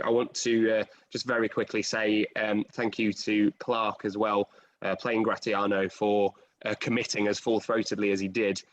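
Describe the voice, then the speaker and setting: A man's voice: lowish voice, a bit bright. A man hosting a casual post-show panel over a video call, chatty and self-deprecating, with many fillers. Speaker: host and director.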